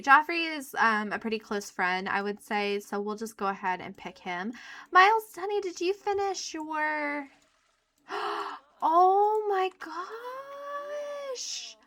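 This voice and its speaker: A young woman gives a chatty let's play commentary, addressing viewers as she plays a life-sim game. Her voice is bright and fairly high, and her pitch leaps around as she reacts. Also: normal speed, hardly any pauses. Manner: chatty, excitable, talks to viewers. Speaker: gaming YouTuber.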